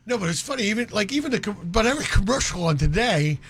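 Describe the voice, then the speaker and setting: A man co-hosting a comedy talk show, loud and riffing, acting out mock commercials. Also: high-pitched, expressive, fast talker, slightly rough. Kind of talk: comedic banter.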